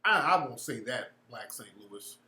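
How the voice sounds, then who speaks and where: A man's voice: medium pitch, animated, measured pace, bright, forceful tone, echoey room. A man hosting a casual livestream chat, answering viewers in a blunt, slangy, profane way.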